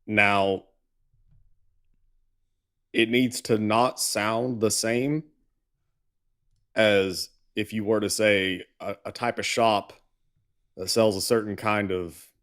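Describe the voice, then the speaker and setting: A man's voice: lowish voice, fairly even intonation, very slow, pauses often, fairly bright tone. A man co-hosting a live political stream, lecturing in a sardonic way. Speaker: co-host. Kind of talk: casual live call-in chat.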